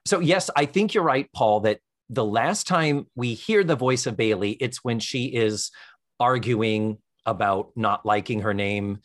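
A man hosting a casual chat about a sitcom, joking and tossing in quick character voices. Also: mid-range voice, no room sound, clean studio sound. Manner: chatty, jokey, does quick voices of characters. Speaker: podcast host.

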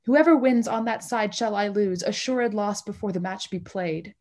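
A woman's voice: medium pitch, moderate pace, a little mellow, close to an everyday voice. A woman reading a torn, grieving young bride. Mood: anguished. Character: young bride torn between two warring sides. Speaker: play reader. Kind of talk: Shakespeare play reading.

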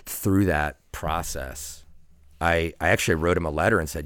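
A man in his forties speaks in a very low, deep voice, earnest and reflective as he tells a personal story on a podcast. He restarts often and leans on casual fillers. The sound is dry and close. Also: normal speed, a bit bright, dry recording. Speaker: podcast guest.

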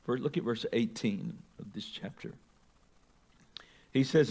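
A male pastor teaching through a Bible passage, reading scripture aloud with rising emphasis and slowing on key words. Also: mid-range voice, animated, darkish tone, breathy edge. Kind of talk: expository sermon.

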